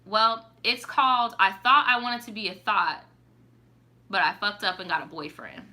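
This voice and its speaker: A woman's voice: mid-range voice, moderate pace, bright, forceful tone. A young woman hosting a casual live stream, reading viewer stories aloud and reacting to them in slang. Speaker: storytime YouTuber.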